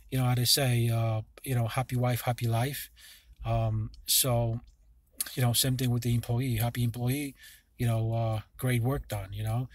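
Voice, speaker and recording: A man's voice: mid-range voice, fairly bright tone, slight background noise. Rambling, foul-mouthed man vlogging. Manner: rambling and profane, with many restarts. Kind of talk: casual vlog rant.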